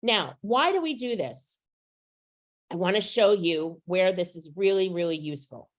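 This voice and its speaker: A woman runs a teacher training over a video call. She walks through each step slowly and keeps turning questions back to the group. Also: lowish voice, lively intonation. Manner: explaining step by step, asks questions. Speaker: literacy trainer.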